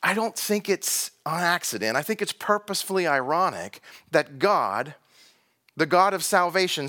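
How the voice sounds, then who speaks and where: A man's voice: on the high side, animated, normal speed, bright, forceful tone. A man from Texas, preaching a sermon to a congregation in a conversational style, drawing out key words and asking rhetorical questions. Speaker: pastor.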